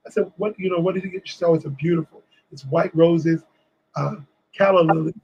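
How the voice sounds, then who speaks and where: Animated male guest from D.C., high and husky, acts out every quote. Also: a little fast, dull audio. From Washington, D.C. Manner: animated storyteller acting out quotes. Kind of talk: storytelling in a casual interview.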